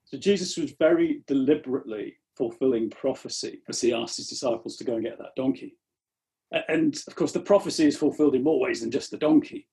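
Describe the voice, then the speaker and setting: A man's voice: mid-range voice, a little fast, mellow. A man preaching a sermon in an earnest tone, often repeating the first words of a phrase as he starts it.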